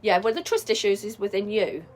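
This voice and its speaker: A middle-aged woman talks straight to her viewers, giving relaxed life-coaching advice. She sounds chatty and reassuring, keeps checking in with a quick "yeah?", and her pitch sits in an ordinary middle range for a woman. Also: slight background noise. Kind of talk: casual advice vlog.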